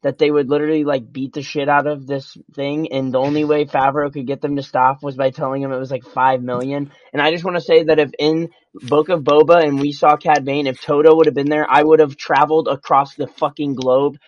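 Flat-voiced man on a dull mic. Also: a little high, fairly quick. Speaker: podcast co-host. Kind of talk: casual profane fan chat.

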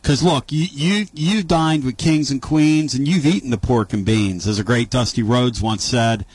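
Male radio host, mid-pitched, effusive and emphatic with guests. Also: moderate pace, a little mellow, husky, dry recording, low-quality recording. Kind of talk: talk radio chat.

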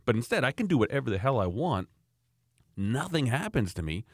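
A man's voice: medium pitch, big pitch swings, a little fast, dry recording, clean studio sound. A man from Canada talking casually about raising children, emphatic and rambling, often restarting his sentences. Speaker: parent sharing views. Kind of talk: casual opinionated chat.

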